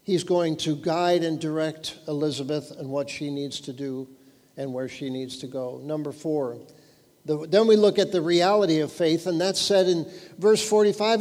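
A man preaching a sermon, earnest and emphatic, dropping lower and quieter when he reads scripture. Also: moderate pace. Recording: long hall reverb.

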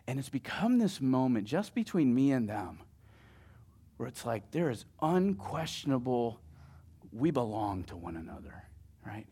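Animated storytelling male pastor. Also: moderate pace. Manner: animated storytelling, swings from booming to hushed; conversational, many fillers like "like" and "right". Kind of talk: sermon.

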